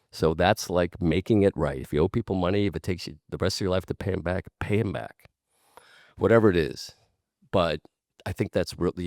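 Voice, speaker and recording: Low-voiced guy talking earnest, hammers points home, swears a bit, dead dry mic. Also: darkish tone, no room sound. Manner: earnest, repeats points for emphasis, swears casually. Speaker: guest speaker. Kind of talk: candid conversation.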